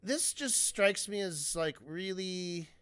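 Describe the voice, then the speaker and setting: Guy streaming a reaction, kinda high voice, talks slow, rambles and cusses. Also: lively intonation, a bit bright, clean tone, dry recording. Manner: rambling, self-interrupting, swears freely. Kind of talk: casual reaction commentary.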